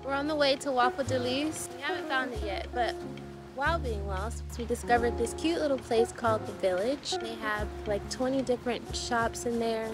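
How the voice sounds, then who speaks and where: Brief: woman travel vlogger, slightly high voice, playful and chatty, music bed under her. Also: moderate pace, rough recording. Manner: playful, chatty, laughs easily. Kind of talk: casual vlog chat. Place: out and about on a trip.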